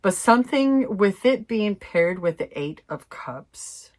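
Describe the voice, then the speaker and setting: A woman's voice: medium pitch, expressive, takes it slowly, darkish tone. A woman giving a casual intuitive tarot reading to her viewers, chatty and informal, with mild swearing. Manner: chatty, swears mildly, laughs, addresses viewers as fam. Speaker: tarot reader.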